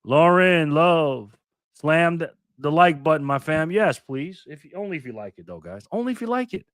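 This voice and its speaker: A man's voice: animated, normal speed, a bit bright, clean tone, dry recording, studio quality. A man hosting a casual livestream, reading viewer comments aloud in an upbeat, laid-back way and laughing often. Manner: upbeat, hypes up viewers with repeated "boom". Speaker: livestream host.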